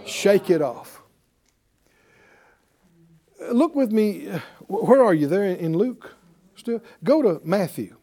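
A man preaches to a Bible class, calling out questions to the room and sometimes acting out panicked voices. His voice sits high and swings widely in pitch. The tone stays dark and mellow. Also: a little slow. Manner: animated, addresses the class, acts out panicked voices. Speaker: Bible teacher. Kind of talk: sermon.

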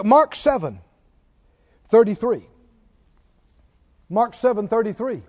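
Expressive and a little slow, this high-voiced, slightly mellow preacher pauses often as he delivers an emphatic sermon. He fires rhetorical questions at the congregation and draws out important words, captured in a reverberant, dull lo-fi church recording.

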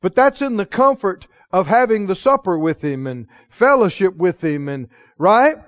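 A man with a high-pitched voice preaches to his congregation, pressing his points and asking them to answer back. He slows right down on the phrases he wants to land and acts out the scripture dialogue in quoted voices. The recording sounds dull and lo-fi. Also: big pitch swings. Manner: emphatic, call-and-response with the congregation. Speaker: pastor. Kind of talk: sermon. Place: church.

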